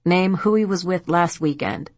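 A stern, blunt male detective questions firmly and evenly, as a woman reader voices him. The voice sits low and husky, with a dry, close sound. It is an audiobook character voice. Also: no room sound, lightly acted. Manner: firm, measured questioning.

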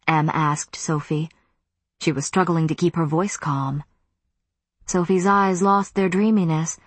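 Low husky woman reading an audiobook, dry close sound. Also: fairly even intonation, unhurried, dry recording. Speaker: audiobook narrator. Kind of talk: scripted narration.

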